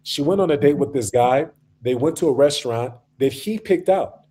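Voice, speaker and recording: A man's voice: medium pitch, animated, moderate pace, dark tone, slightly rough. Blunt slangy male stream host. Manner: blunt, slangy storytelling with acted quotes. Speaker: livestream host. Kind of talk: casual streamed debate talk.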